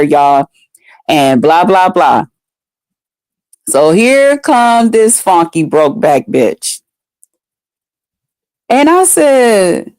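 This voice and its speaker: A woman's voice: lowish voice, a little mellow, clean tone, no echo. A woman ranting as a vlogger in a casual storytime, heated and full of profanity. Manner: profane, heated, drawn-out delivery.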